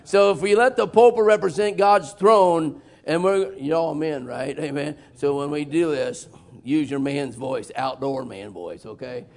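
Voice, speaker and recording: A man with a drawl preaches in a church sanctuary, his voice pitched high and edged with gravel. He talks in a folksy, emphatic way, with sudden loud bursts and easy chuckles. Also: a little slow. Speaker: pastor. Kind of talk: sermon.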